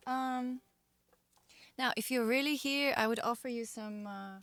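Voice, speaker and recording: A woman singer-songwriter chatting casually between songs on a live stream, rambling and self-deprecating, with halting restarts. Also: fairly high pitch, fairly bright tone.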